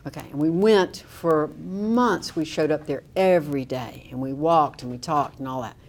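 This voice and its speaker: A middle-aged woman with a drawl and a somewhat low-set voice tells a story in an interview. She recounts it with animation and dry humor. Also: normal speed.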